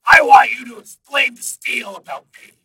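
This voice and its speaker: A male narrator voicing a computer intelligence that talks like a man on the phone, calm and a little smug. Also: very high voice, normal speed, distant mic, pitched above the performer's own voice, exaggerated voice.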